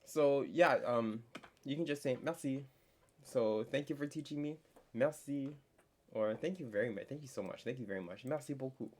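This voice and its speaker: A young man teaching a casual online French lesson, chatty and full of fillers, slowing down to spell out words. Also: mid-range voice.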